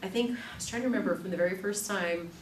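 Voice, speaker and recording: A woman in her thirties teaching an evening class, chatty and animated, telling stories with quick laughs. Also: mid-range voice. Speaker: class instructor. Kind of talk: live classroom demonstration. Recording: echoey room, distant mic, faint noise.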